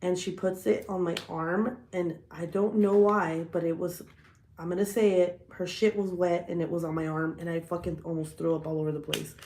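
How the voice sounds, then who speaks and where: A woman, telling stories in a profane, animated way with frequent laughs during a casual livestream chat. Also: on the low side, normal speed, reverberant, slight background noise. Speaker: livestream host.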